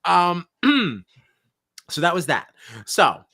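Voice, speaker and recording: Man, podcast co-host, casual chat, bright forceful tone, lively pitch, animated. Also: very slow, creaky, no echo, clean studio sound. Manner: animated, mocks people in exaggerated quoted voices.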